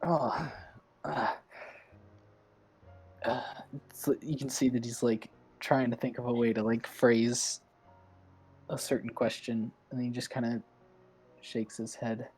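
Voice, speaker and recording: Chill player describing their guy in a tabletop game, slow, lots of likes and ums. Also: mid-range voice, level tone, a little mellow, slightly rough, faint music behind. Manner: casual, filler-heavy.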